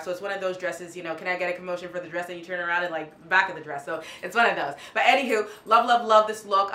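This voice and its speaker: A woman chats through a fashion haul in a bright, forward voice, gushing with enthusiasm and repeating her praise. She sounds casual and eager. The sound carries noticeable room echo. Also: lowish voice. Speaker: fashion vlogger.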